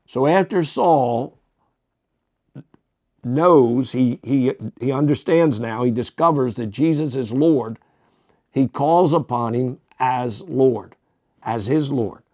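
A man's voice: medium pitch, takes it slowly, darkish tone, dry recording. A man, a pastor teaching the Bible on a podcast, reading verses aloud and commenting with fillers and self-corrections.

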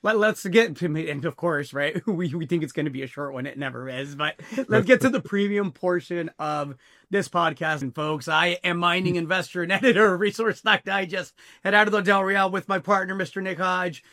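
A man's voice: high voice, brisk, bright, forceful tone, no echo, clean studio sound. A man co-hosting a podcast, talking earnestly to listeners, often restarting his words. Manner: earnest, addresses listeners as folks, stammering restarts. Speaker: podcast co-host. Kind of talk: casual podcast discussion.

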